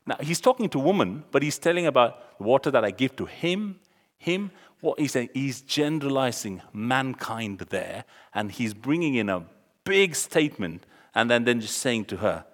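A man preaching a sermon, acting out the story's dialogue with sudden loud exclamations. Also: medium pitch. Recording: long hall reverb.

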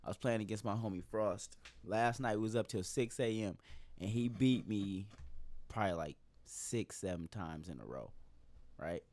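A man's voice: fairly low pitch, moderate pace, a little mellow, no room sound. A man hosting a casual podcast, laid-back and swearing freely as he tells stories. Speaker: podcast host.

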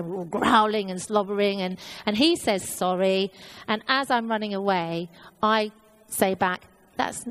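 A woman's voice: mid-range voice, low-quality recording. A woman preaching a sermon, telling a personal story in an earnest way with many fillers and restarts.

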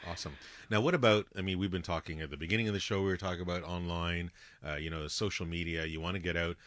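A man co-hosting a radio show, with a voice that sits very low. He fires off his questions quickly and conversationally, close to a dry studio microphone. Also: fairly even intonation, fairly bright tone, dry recording. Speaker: radio co-host. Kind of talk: radio interview.

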